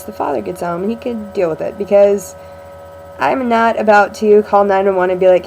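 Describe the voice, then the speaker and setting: A woman's voice: mid-range voice, quick pace, darkish tone, slight background noise, rough recording. A young woman chatting in a casual video diary to a friend, rambling and sarcastic, with lots of ums, recorded at home. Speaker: vlogger.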